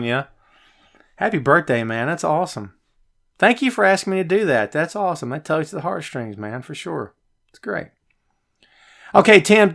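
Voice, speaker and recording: A man's voice: a little high, gravelly. Chatty man hosting a wrestling stream. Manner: chatty, animated, reads viewer comments aloud. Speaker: podcast host. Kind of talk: live-stream chat with viewers. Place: hot home office. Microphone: headphones, phone nearby.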